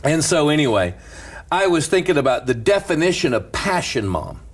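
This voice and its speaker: A middle-aged man, a pastor, telling a story in an animated, preacher-like way and laughing as he goes. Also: fairly high pitch, moderate pace, slightly rough. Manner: lively, laughs through stories, preacher's cadence.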